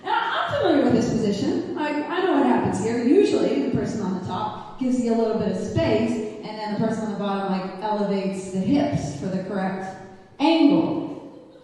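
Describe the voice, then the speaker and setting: A woman's voice: fairly high pitch, very animated, normal speed, mellow, recorded from a distance. A young woman performing a stand-up set, telling a crude story candidly and laughing often. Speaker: stand-up comedian. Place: comedy club stage. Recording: roomy reverb, mic heard from afar.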